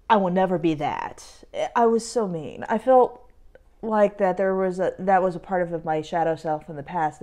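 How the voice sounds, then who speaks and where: On camera, a young woman does a casual tarot reading for herself in a self-reading vlog, speaking emotionally, sighing, and laughing through tears. Her voice sits on the low side with a darkish tone.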